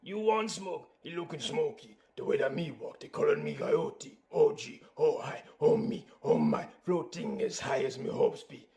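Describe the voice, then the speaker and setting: A man's voice: fairly high pitch, very animated, moderate pace, vocal fry, hardly any pauses, dark tone. A man voicing a swaggering male cartoon bear, rapping and singing in a put-on accent. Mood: boastful. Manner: rhythmic rap delivery in a put-on accent. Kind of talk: sung and rapped musical number.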